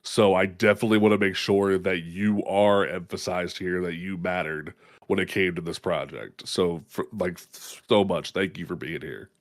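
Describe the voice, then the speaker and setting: Male host, deep voice, sympathetic and stumbling, dry recording. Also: steady tone, normal speed, no room sound. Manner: soft-spoken, sympathetic, stumbling. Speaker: podcast host. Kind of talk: casual interview.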